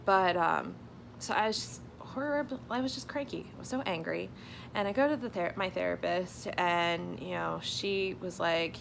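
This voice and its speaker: A young woman records a casual personal vlog at home, chatting candidly with plenty of fillers and now and then dropping to a whisper. Her voice is fairly low and creaky at a moderate pace, with a little hiss or hum in the recording.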